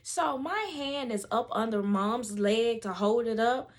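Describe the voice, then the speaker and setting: A woman, a doula telling a story to camera in a lively way and acting out the voices of the people in it. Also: on the high side, measured pace.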